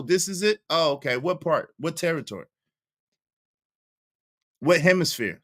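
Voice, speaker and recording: Animated man hosting a live stream. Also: fairly high pitch, measured pace, long pauses. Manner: loud, animated, laughing often, slangy and profane. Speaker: livestream host. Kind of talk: casual live-stream commentary.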